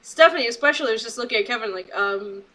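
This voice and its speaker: Bright, high-voiced excitable young woman. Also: rough recording. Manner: chatty and excitable, quoting people in quick asides. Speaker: wrestling show reviewer. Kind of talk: casual recap vlog.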